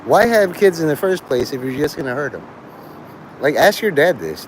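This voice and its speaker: A man's voice: fairly high pitch, big pitch swings, moderate pace, a little hiss or hum, rough recording. A man hosting a livestream, talking to his chat in a crude, rambling way and laughing at his own jokes. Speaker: livestream host.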